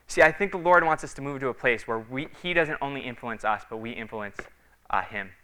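A man's voice: medium pitch, brisk, pushed and bright, a little hiss or hum. A man preaching a sermon in a conversational, storytelling way, with frequent fillers, acting out the voices of the people in his stories.

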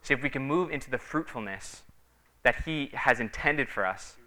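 A man's voice: mid-range voice, animated, moderate pace, sharp tone. A man preaching a sermon in a conversational, storytelling way, with frequent fillers, acting out the voices of the people in his stories.

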